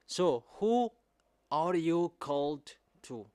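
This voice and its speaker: A man preaching a sermon in non-native English, repeating his points with emphasis and rising to loud exhortation. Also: a little high, lively intonation, slow, clear, resonant tone, no room sound, studio quality.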